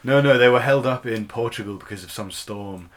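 A man's voice: medium pitch, a little fast. A young man co-hosting a podcast, retelling a news story in a chatty way with lots of "like". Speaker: podcast co-host. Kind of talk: casual podcast chat.

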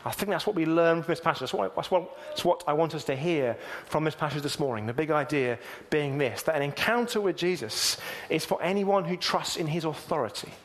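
A man preaching a sermon, reading scripture aloud and then explaining it in a measured way. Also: fairly high pitch, a little hiss or hum.

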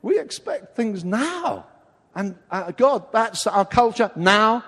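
A man's voice: high-pitched, sing-song, slow, husky. Older man preaching in an echoing hall. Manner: acts out quoted voices with big swings of loudness. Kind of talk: sermon. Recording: long hall reverb.

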